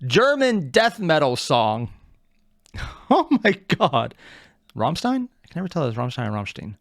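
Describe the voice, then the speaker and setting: A man hosting a reaction video, talking casually with lively swearing and laughing asides. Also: fairly high pitch, measured pace, no echo, studio quality.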